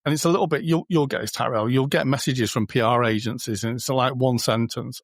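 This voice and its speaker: A man chatting informally as a podcast guest, often slipping into little quoted exchanges. His voice sits at an ordinary middle pitch. The sound is dry and close, with no room echo. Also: steady tone, a little fast, hardly any pauses. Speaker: podcast guest, booking company co-founder. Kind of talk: casual conversational interview.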